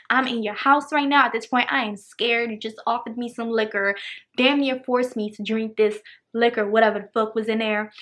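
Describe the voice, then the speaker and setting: A young woman from the Washington DC area telling a dramatic, animated storytime, full of "like". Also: on the high side. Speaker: storytime vlogger. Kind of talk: casual storytime.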